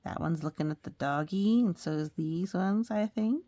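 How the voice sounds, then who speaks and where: A woman with a lowish voice reads a picture book aloud to children at a moderate pace, chatting animatedly with her young listeners about the pictures between passages. There is no room sound.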